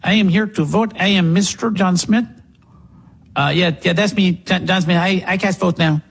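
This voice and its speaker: Male host doing a bumbling impostor voter; slow, broken phrasing, husky and raised. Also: high voice, full character voice. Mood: sheepish. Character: man posing as a dead voter, halting.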